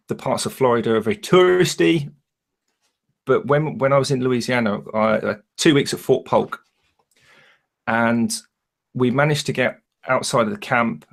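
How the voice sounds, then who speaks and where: A man with a Northern English accent, a podcast co-host telling a travel story in a thoughtful, measured way. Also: medium pitch, creaky. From United Kingdom. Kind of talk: casual chat.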